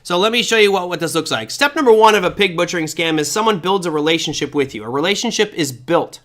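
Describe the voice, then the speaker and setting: A man hosting a live online crypto trading class, chatty and energetic, reading viewer comments aloud while sharing his screen. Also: high voice, quick pace.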